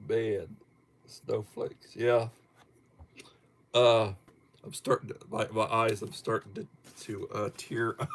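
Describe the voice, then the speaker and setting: A middle-aged man hosts a casual livestream, slowly reading viewer topics aloud and chuckling as he goes. His voice sits lowish, with fairly even intonation.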